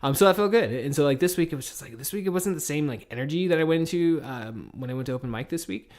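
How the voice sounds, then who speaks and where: A man's voice: fairly high pitch, fast talker. Rambling, swearing man in his thirties. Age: 30s. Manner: rambling, profane, animated. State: tired and a little high. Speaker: podcast host. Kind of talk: casual monologue.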